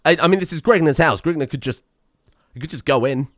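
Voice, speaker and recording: A man's voice: fairly high pitch, quick pace, a bit bright, no room sound, studio quality. A young man, joking and sarcastic as he streams a game. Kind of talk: let's-play commentary.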